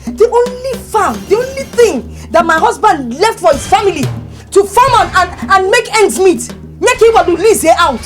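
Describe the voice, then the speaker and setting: Brief: an actress voicing a wronged Nigerian widow, accusing and pleading, lively and high, over a film score. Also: female voice, moderate pace, faint music behind. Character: grieving, indignant middle-aged village widow.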